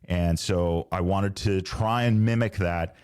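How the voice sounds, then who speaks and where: A man's voice: low voice, takes it slowly, a little mellow, smooth. A middle-aged man from Southern California hosting a casual solo podcast, rambling and correcting himself, with laid-back slang. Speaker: podcast host. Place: home podcast studio.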